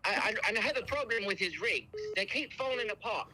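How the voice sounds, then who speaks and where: A man's voice: sits high, expressive, a little fast, sharp tone, voice pushed up, heavily acted. A man on a phone call putting on a fake British accent to play an irate male customer who stammers through his complaints. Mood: angry, blustering. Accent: put-on British.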